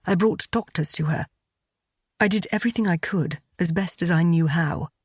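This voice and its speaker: A woman voicing a brooding aristocratic earl who speaks in a measured, somber, regretful way in a romance audiobook. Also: on the low side, husky, no room sound, clean studio sound.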